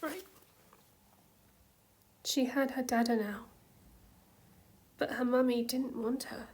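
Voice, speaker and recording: Slow, soft-spoken woman reading a story aloud. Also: high-pitched. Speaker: fanfiction reader. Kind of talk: storybook narration.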